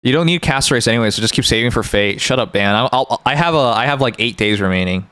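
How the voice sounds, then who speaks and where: A man's voice: mid-range voice, animated, quick pace, a bit bright, clear, resonant tone, no room sound. A man streaming live, chatting casually and joking with his viewers in a rambling way. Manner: rambling, joking, talks to chat.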